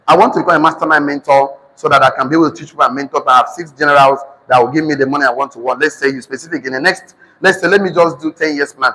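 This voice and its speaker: A man with a Nigerian accent teaching a finance class, repeating each phrase slowly so students can write it down. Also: a little high, a bit bright, long reverb tail, rough recording. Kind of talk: classroom lecture with dictation.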